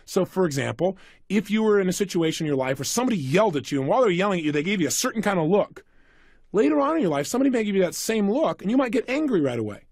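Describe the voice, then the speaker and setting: A man's voice: high-pitched, very animated, very fast, a little mellow, dry recording, studio quality. A man giving a motivational seminar talk, telling stories with animation and putting questions to his audience. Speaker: motivational speaker.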